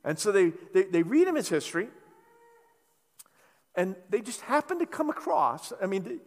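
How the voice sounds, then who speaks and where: A man preaching a sermon, telling a story with animated delivery and playful asides. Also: sits high, normal speed, in a large hall. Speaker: pastor.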